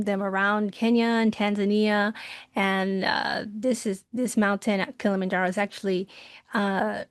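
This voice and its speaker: A woman's voice: fairly high pitch, no echo, studio quality. A woman teaching an online art workshop in a chatty, upbeat way, laughing often and using many fillers. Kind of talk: casual online workshop lesson.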